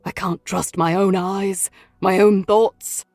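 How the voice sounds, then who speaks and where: A woman voicing a frightened Victorian male spiritualist, speaking in an agitated, drawn-out way. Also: medium pitch, fairly even intonation, darkish tone, no room sound, faint music behind. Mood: fearful.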